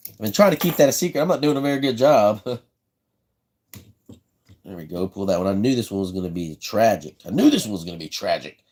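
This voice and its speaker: A man from South Carolina with a Southern accent hosts a casual live stream while building a fishing rod. His voice is fairly low and darkish with a breathy edge, and he is laid-back, repeating himself as he talks.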